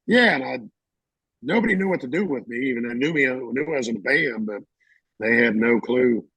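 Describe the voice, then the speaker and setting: A middle-aged man, a veteran, telling his service stories casually and acting out the shouted lines of others. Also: medium pitch, a little fast, husky, dry recording, rough recording. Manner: animated, acts out shouted quotes. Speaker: veteran interviewee. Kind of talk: casual storytelling.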